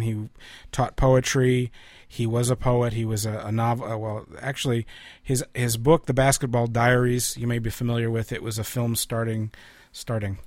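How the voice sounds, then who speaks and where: A man hosting a radio show, introducing recordings in a relaxed, halting way with pauses and restarts. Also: medium pitch, no room sound. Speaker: radio host. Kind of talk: casual on-air chat introducing recordings.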